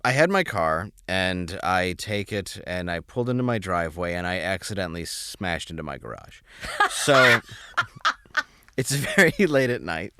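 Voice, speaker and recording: A man from Michigan with a Michigan accent, telling animated stories as a podcast guest, laughing often and acting out the voices of the people in them. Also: sits low, measured pace. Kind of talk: casual storytelling.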